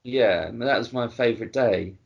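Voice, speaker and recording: A man co-hosting a podcast in casual chat, relaxed and a little hesitant, with frequent fillers. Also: medium pitch, fairly quick, slightly rough, lo-fi sound. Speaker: podcast co-host.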